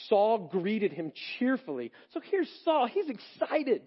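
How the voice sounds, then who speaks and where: A male pastor preaching a sermon, animated and swinging between loud and hushed delivery. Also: sits high, moderate pace, breathy edge, muffled recording.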